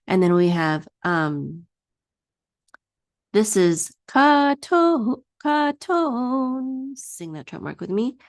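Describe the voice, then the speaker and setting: A patient woman leads a one-on-one Hebrew reading lesson at an unhurried pace. She draws each word out in a sung tone so her student can repeat it. Her voice sounds dry and close, with no room echo. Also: lowish voice, fairly even intonation, a little mellow. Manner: patient, sings out each word slowly for repetition. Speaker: Hebrew teacher.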